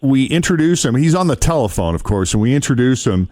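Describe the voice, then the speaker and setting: Lively male radio host, dry studio. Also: mid-range voice, fast talker, dry recording. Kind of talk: morning radio banter.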